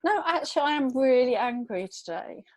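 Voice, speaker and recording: A woman in her thirties on a video call, talking casually in a group chat and telling a story in a lively, self-deprecating way. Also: high voice, a little fast, dry recording, poor audio. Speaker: podcast regular in sobriety group.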